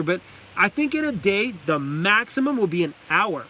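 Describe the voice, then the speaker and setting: A man's voice: high voice, big pitch swings, moderate pace, sharp tone, a little hiss or hum. A man from Canada chatting casually on a live stream from his van, enthusiastic, laughing often and reading chat names aloud. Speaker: vlogger hosting a live stream. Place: inside a parked van.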